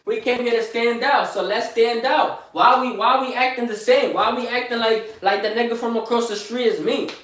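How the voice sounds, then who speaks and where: A man's voice: extremely high pitch, normal speed, few pauses, a bit bright, very echoey. A young man boasting in street slang, repeating himself and firing questions at the listener in a live motivational vlog. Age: young adult. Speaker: motivational vlogger.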